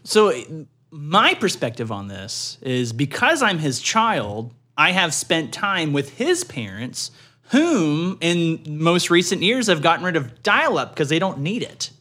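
A young man co-hosting a podcast in casual chat, teasing his co-host with deadpan jabs and laughing often. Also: on the high side, slow.

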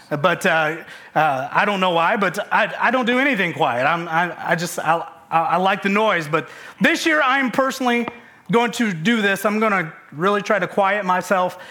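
High, bright-voiced energetic preacher man. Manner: energetic, conversational, many fillers and restarts. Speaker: pastor. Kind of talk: sermon.

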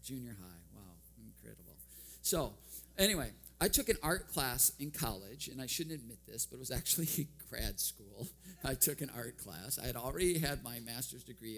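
A man preaching a sermon, telling personal stories with a self-deprecating, humorous touch and frequent chuckles. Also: mid-range voice. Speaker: guest preacher.

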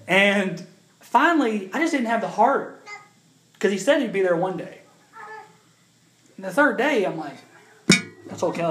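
A man's voice: fairly high pitch, a bit bright, a little hiss or hum. Male pastor, chatty sermon voice that builds to emphatic preaching, echoey room. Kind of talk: sermon with personal story.

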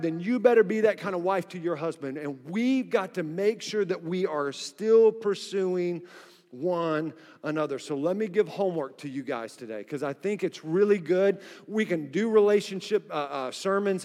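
Pastor, male, high voice, energetic and joking, recorded in a church with long reverb. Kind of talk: sermon. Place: church sanctuary.

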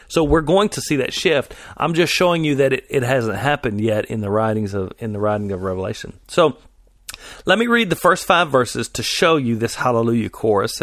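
A man's voice: mid-range voice, dry recording. Man teaching Scripture in a very dry room. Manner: conversational, frequent fillers and restarts while reading scripture aloud. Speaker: Bible teacher. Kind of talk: sermon-style Bible teaching.

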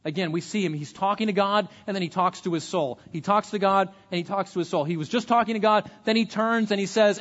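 A pastor-like man with a fairly high, fairly bright voice preaches an earnest sermon to a congregation, talking fast with few pauses and restarting sentences with repeated words. The muffled recording carries a long hall echo.

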